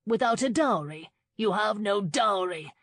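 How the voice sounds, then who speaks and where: A man's voice: high-pitched, moderate pace, a bit bright, no echo, studio quality. A woman voicing an angry young nephew who speaks with barely contained, contemptuous rage. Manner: tight, contemptuous and controlled. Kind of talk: audiobook character reading.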